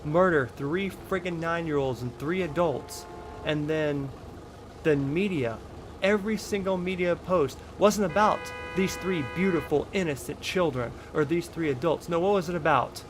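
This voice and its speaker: A man's voice: fairly high pitch, measured pace, noisy background. A man in his thirties from the United States, delivering a heated, profane vlog rant full of repetition. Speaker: vlogger. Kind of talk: angry political rant.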